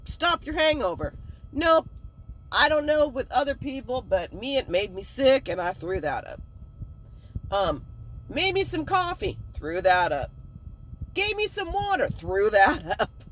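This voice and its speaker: A woman's voice: medium pitch, slight background noise. A woman casually telling a personal story, acting out the dialogue and laughing at herself as she goes. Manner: animated, acts out the dialogue, laughs while telling; self-mocking, with many fillers and restarts.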